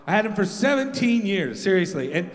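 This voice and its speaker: A man with a high voice works the crowd loudly in rambling stand-up, shouting out to the audience between stories. The long reverb of a big live hall trails every line. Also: very animated, fairly quick. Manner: loud, crowd-rousing, rambling. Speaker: radio show host doing stand-up. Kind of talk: stand-up comedy. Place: live stage in a large venue.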